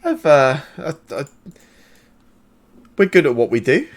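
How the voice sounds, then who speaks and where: A man voicing a weary, mercenary woman assassin in a tabletop game, talking in a deadpan, halting way. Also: a little high, pitched above the performer's own voice, full character voice.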